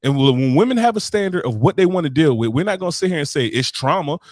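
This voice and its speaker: A man's voice: on the high side, expressive, quick pace, darkish tone, dry recording, clean studio sound. A man hosting a podcast, ranting in casual, profane chat. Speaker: podcast host.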